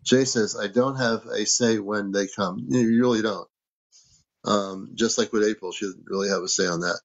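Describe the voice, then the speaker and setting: Gravelly low-voiced male stream host. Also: fairly even intonation, moderate pace, dull audio. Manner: reads viewer comments and thanks gifters. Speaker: livestream host. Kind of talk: casual livestream chat. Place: home.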